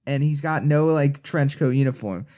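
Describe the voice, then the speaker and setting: A man's voice: a little high, normal speed, dark tone. A man co-hosting a casual podcast, talking in a rambling, opinionated way full of restarts and asides. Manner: rambling, self-correcting, opinionated. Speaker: co-host.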